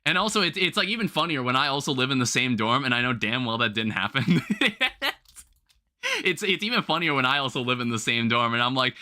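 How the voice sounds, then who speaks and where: A young man hosting a livestream, chatting casually while gaming and telling rambling, animated stories with some swearing. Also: medium pitch, brisk. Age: young adult. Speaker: livestream host.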